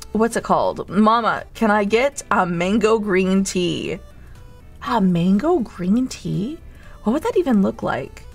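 A woman streamer hosting a cozy barista role-play, reading chat aloud in a teasing, playfully motherly way. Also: mid-range voice. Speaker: VTuber streamer, host.

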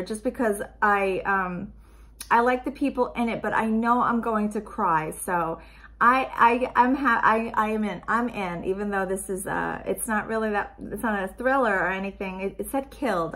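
A woman's voice: medium pitch, normal speed, fairly bright tone. A woman talking casually in a trailer reaction vlog. She is chatty and emotional and rambles from point to point. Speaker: movie reviewer.

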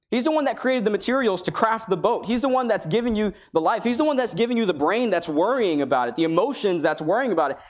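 Male preacher, higher-pitched voice, earnest conversational sermon delivery with scripture quotes. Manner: earnest, conversational preaching with King James quotations.

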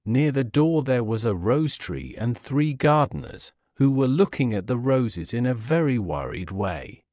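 A man narrating a story slowly and clearly for English learners. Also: medium pitch, expressive, darkish tone, dry recording, clean studio sound.

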